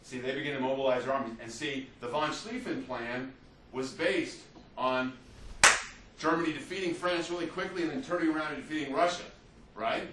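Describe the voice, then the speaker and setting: A man's voice: mid-range voice, a little fast. Male history teacher, casual lecture style, off-mic in an echoey room with faint background hum. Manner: conversational, acts out quotes, frequent "you see" and "right?". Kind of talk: classroom lecture. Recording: roomy, distant, faint ambience.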